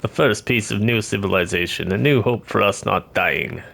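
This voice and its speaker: A man's voice: fairly low pitch, moderate pace, creaky, fairly bright tone. A man reading a game's village leader aloud in a theatrical voice with a put-on, vaguely Russian accent. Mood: grandiose. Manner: grand, theatrical reading of game dialogue.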